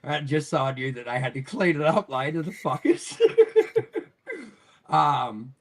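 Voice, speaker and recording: A man's voice: medium pitch, a little slow. An Australian man, a podcast guest telling a long story in casual, rambling fashion, full of swearing and frequent laughter. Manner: profane, rambling, laughs often.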